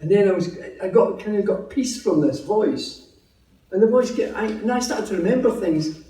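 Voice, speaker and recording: Scottish man, testimony speaker, humorous and chatty, mellow tone, recorded off-mic in a roomy hall. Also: sits high, animated, normal speed, distant mic. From Scotland. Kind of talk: personal testimony at a meeting.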